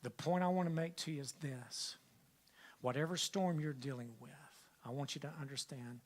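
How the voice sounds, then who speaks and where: An older man preaching a sermon as pastor, swinging from loud emphatic lines to hushed whispers and repeating key phrases for emphasis. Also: mid-range voice, steady tone, moderate pace.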